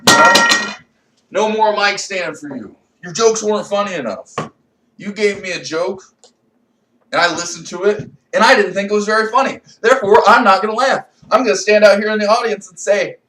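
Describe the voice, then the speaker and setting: Brief: young male comedian, high-pitched, profane rambling rant, recorded off-mic in an echoey room. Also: far from the mic. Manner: rambling, swings between low mutters and loud outbursts.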